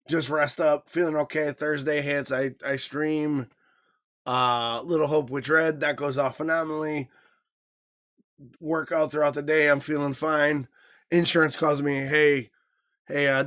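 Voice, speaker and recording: Animated, profane man telling a story. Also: on the high side. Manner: animated, profane, acts out quoted people. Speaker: podcast co-host. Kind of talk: casual storytelling.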